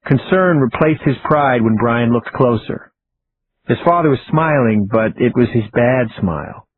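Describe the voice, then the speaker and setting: A man narrating an audiobook in a steady, even storytelling voice. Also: mid-range voice. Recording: tinny phone-like audio with faint hiss.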